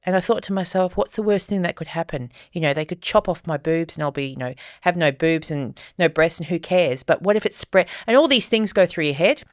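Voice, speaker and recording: A woman with a fairly low voice telling a candid personal story on a podcast. She talks in an easy, casual way and livens up whenever she quotes someone. The recording is dry and close, with no room sound. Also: brisk, hardly any pauses, no room sound. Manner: candid storytelling, animated when quoting others. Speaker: podcast co-host.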